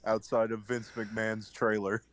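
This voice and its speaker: A man's voice: fairly low pitch, level tone, measured pace. A man in a casual comedic chat who narrates made-up scenes like a play-by-play.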